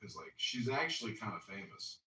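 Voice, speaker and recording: A man's voice: mid-range voice, animated, brisk, pushed and bright. A man casually telling a profane, jokey anecdote. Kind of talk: casual storytelling and banter. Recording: roomy, from a distance, faint ambience.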